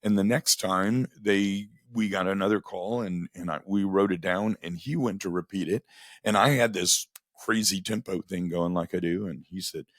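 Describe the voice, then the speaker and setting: Guy with a low voice spinning yarns about his radio days, dry close sound, acts out the back-and-forth. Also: moderate pace, dry recording. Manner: animated, acts out quoted dialogue. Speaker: former radio station owner telling stories. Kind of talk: casual storytelling monologue.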